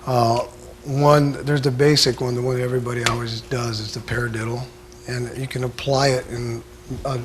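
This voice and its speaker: A man giving a casual drum lesson, talking in a laid-back, halting way full of filler sounds. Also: mid-range voice, flat delivery, noisy background. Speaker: drum instructor. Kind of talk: casual instructional talk.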